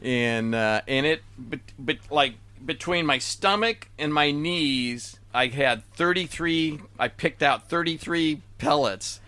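A man in his sixties telling a story in a casual, rambling way, halting often and restarting his sentences. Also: fairly high pitch, sharp tone, dry recording. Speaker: guest.

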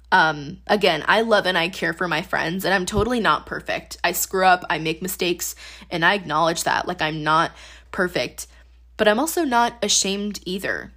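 A woman's voice: on the low side, fairly bright tone. A woman in her twenties, a podcast host, sharing her faith testimony in a casual, earnest way full of "like". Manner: casual, earnest, heavy use of "like".

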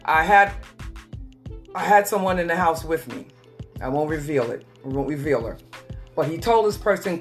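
A woman telling a personal story as a guest in an earnest, repetitive way, slowing down for emphasis. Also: on the low side, expressive, faint music behind. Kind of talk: emotional personal testimony.

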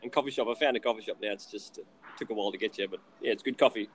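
Male co-host, brisk delivery, dry offhand banter. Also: lowish voice, a little hiss or hum, rough recording. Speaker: podcast co-host. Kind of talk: casual podcast chat.

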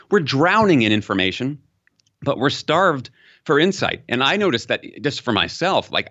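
Interviewed as an authority on communication, this man walks through his explanations with examples, his voice climbing for emphasis. The tone is fairly bright, but the audio comes across dull.

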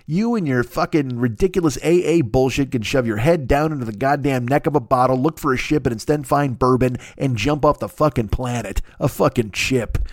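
On his podcast, a man launches into a profane, mocking comedic rant aimed at the sponsors and at slang. His voice is mid-range and a little mellow, captured in a dry, clean studio recording.

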